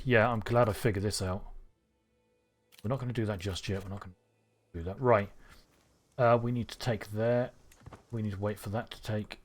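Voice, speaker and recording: A man streaming a strategy game live, thinking aloud with excitable bursts. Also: on the low side, normal speed, pauses often, faint music behind.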